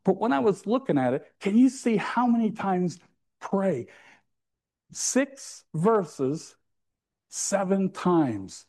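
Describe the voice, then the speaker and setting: A man preaching a sermon in a church. His voice sits a little higher than most men's. He keeps it conversational and teases the congregation with little jokes along the way. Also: very animated, takes it slowly, darkish tone.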